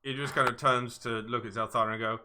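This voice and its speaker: A man playing in a casual tabletop game, talking in halting starts and laughing easily. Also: mid-range voice, fairly even intonation, pushed and bright. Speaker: player.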